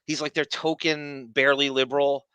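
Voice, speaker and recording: A man's voice: mid-range voice, level tone, normal speed, sharp tone, smooth, dry recording, muffled recording. A man with a Long Island accent hosting a casual online chat over a video call, jokey and tripping over his words. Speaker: livestream host.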